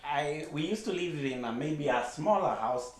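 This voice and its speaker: A man's voice: on the high side, expressive, normal speed. A man who is a guest in a casual chat, talking hesitantly and thoughtfully about his past. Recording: roomy echo.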